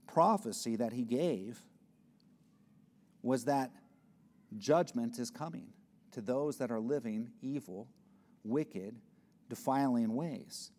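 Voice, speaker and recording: A man preaches as a pastor, earnest and conversational, often beginning phrases again. His mid-range voice is animated and a little mellow, a bit slow, with long pauses.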